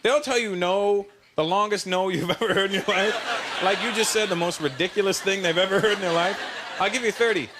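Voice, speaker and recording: A man performing stand-up on a live stage. He talks in a brash, teasing way and chats with the crowd, in a fairly high voice. The room is full of loud audience noise. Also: steady tone, brisk. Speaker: stand-up comedian. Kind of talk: stand-up comedy routine.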